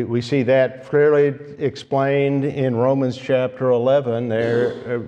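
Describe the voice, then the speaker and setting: Man, sermon, slow and measured delivery, mellow voice, long church-hall reverb. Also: medium pitch. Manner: slow, deliberate, with restarts and fillers. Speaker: preacher. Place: church sanctuary.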